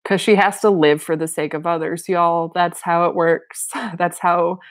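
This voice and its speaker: Reading a novel aloud, a woman with a lowish, level voice keeps a measured pace, dropping in casual commentary, wry asides and frequent laughs. The recording has no echo.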